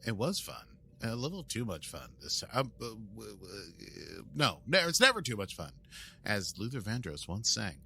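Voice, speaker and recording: A man's voice: on the low side, sing-song, normal speed, gravelly, background noise. An American man co-hosting a podcast in casual chat, playful and jokey. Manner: playful and jokey, slips into silly voices. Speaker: podcast co-host.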